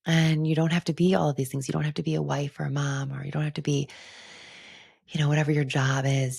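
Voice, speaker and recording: A middle-aged woman hosts a reflective solo podcast, earnest and gentle, often saying "like." Her voice sits low with a gravelly, husky edge. The sound is dry and close. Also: no echo. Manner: earnest, gentle, spiritual, with soft laughs and "like" fillers. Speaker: podcast host and retreat leader.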